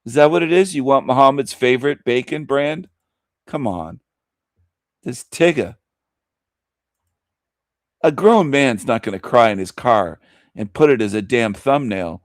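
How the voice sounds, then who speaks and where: A man's voice: medium pitch, expressive, a little slow, long pauses, no room sound, studio quality. A man hosting a show, giving mocking commentary in a sneering, ranting way that repeats itself. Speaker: host.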